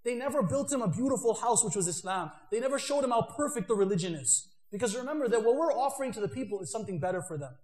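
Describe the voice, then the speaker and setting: Brief: high-voiced, quick male workshop speaker, acts out dialogue, reverberant hall. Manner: animated storyteller, acts out dialogue. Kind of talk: lecture with anecdotes. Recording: echoey hall.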